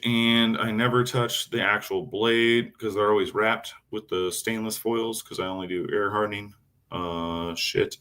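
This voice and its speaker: A man's voice: lowish voice, fairly even intonation, a little slow, sharp tone. A man chatting casually on a live stream, swearing constantly as he rambles about his knives and answers chat. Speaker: knifemaker streamer.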